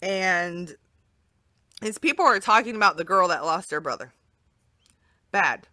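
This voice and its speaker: Bright-voiced woman telling a heartfelt story. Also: lowish voice, measured pace, no room sound. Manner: earnest, animated, repeats for emphasis. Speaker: interview guest. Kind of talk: emotional personal storytelling in conversation.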